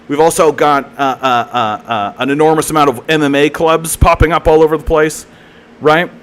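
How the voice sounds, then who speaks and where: A man's voice: on the high side, steady tone, normal speed, clean tone. A Canadian man ranting heatedly on a live political stream, swearing a lot, mocking and repeating himself. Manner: profane, heated, mocking, lots of filler and repeats.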